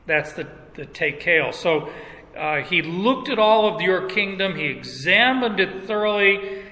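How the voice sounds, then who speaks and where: A middle-aged male pastor preaching in an unhurried, halting way, often restarting his phrases. His voice is very bright and a bit high, and it rings out with a long hall reverb. He sounds like he's in a church sanctuary. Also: animated. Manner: slow, halting, with restarts and chuckles. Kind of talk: sermon.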